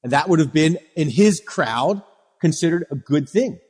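A man's voice: a little high, normal speed, slightly rough. Man preaching in a reverberant hall. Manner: animated preaching, acts out quoted voices. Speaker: pastor. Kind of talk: sermon.

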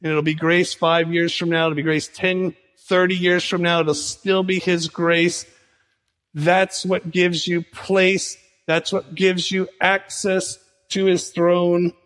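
A male pastor preaching a sermon in an animated way, acting out conversations as he teaches. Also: sits high, takes it slowly, big-room sound. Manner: animated preaching, acts out dialogue with Jesus.

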